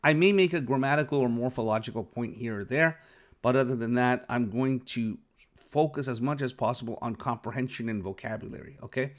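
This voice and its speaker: A man with a medium-pitched voice, talking a little fast, explains an Arabic vocabulary lesson. He isn't a native Arabic speaker, and he teaches patiently, frequently checking understanding with "okay?"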